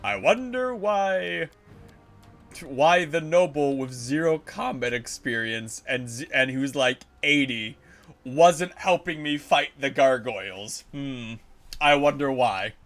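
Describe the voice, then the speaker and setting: A man streaming a game live, reacting excitedly and swearing often. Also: mid-range voice, slow, soft background music. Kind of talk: live gameplay commentary.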